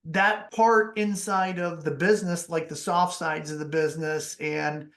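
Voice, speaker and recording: Higher-voiced male podcast host, echoey. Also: steady tone, a little slow, a bit bright. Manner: rambling, restarts often. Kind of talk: conversational podcast talk. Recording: echoey room.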